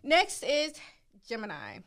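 A woman's voice: fairly high pitch, wildly swooping pitch, slow pace, a bit bright. A woman co-hosting a podcast in casual chat, easygoing and filler-heavy as she explains her views. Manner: easygoing, lots of fillers like "you know what I'm saying". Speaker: podcast co-host.

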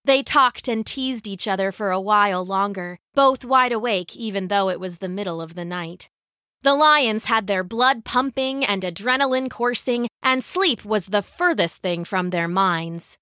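A woman narrating a scripted children's story in a measured, vivid way. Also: mid-range voice, lively intonation, pushed and bright, no room sound, clean studio sound.

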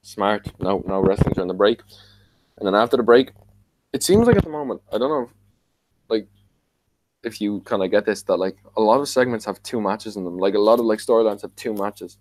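Podcast host, Irish man, low voice, casual rambling recap. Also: animated, brisk, a little mellow, poor audio. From Ireland. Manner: rambling, many fillers and restarts.

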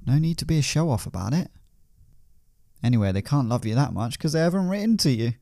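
A man's voice: medium pitch, expressive, quick pace, gravelly, dark tone, dry recording, studio quality. A man doing a blunt mocking prison guard.

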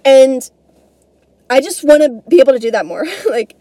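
A young woman with a high yet mellow voice talks through a solo podcast, rambling and self-deprecating. She swears casually and restarts her sentences often. The sound is dry and close, with no room around it. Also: expressive, moderate pace, no echo. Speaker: podcast host.

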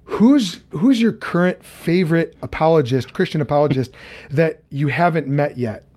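Hosting an interview over a video call, this man speaks a bit higher than a typical male voice, with an animated yet somewhat dark tone. His delivery is casual and halting, packed with "um"s and phrases he starts over.

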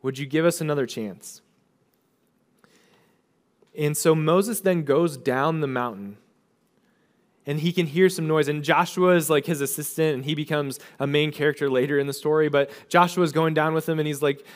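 A man's voice: a little high, steady tone, moderate pace. A young adult male pastor preaching a sermon, retelling scripture in casual, chatty paraphrase and acting out the figures' words in his own voice.

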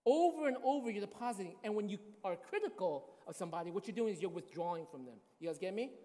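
Conversational preacher in a ringing hall. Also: female voice, medium pitch, lively intonation, quick pace, dark tone. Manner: conversational, storytelling, asks the congregation often. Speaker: pastor. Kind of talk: sermon. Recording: long hall reverb.

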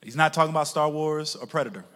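A male pastor preaching a sermon to his congregation, moving from hushed asides to loud shouted peaks, with playful laughing remarks. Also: fairly high pitch, fast. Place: church sanctuary with a congregation. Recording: long reverb of a large church hall.

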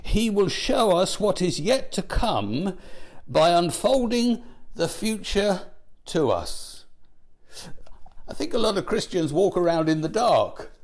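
A man preaching a sermon at an unhurried pace, with a voice pitched a little higher than most men's. He speaks deliberately and lets his voice fall away at the ends of phrases. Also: big pitch swings, a little mellow.

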